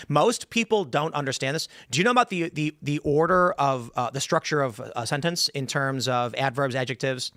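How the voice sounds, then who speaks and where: A man's voice: a little high, moderate pace, few pauses, fairly bright tone, no room sound, studio quality. A man hosting a casual panel chat, explaining ideas at length and musing aloud. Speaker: podcast host.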